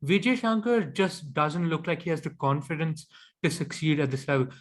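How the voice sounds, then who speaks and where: Chatty man with a higher voice. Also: expressive, normal speed. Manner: chatty, opinionated, with frequent ums. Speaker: podcast co-host. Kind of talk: casual cricket chat.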